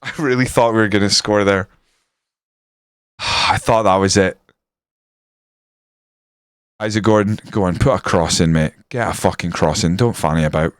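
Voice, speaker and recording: A young man streaming a football management game, swearing constantly and yelling at the match from a room at home. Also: deep voice, a little slow, long pauses, dry recording, clean studio sound. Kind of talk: live game-stream commentary. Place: room at home with window open.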